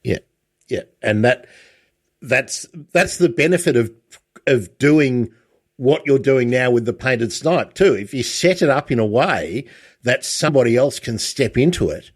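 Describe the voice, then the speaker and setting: A man's voice: mid-range voice, expressive, a little slow, breathy edge. A man, hosting a podcast and asking questions in a chatty, wandering way. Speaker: podcast host. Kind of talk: casual interview.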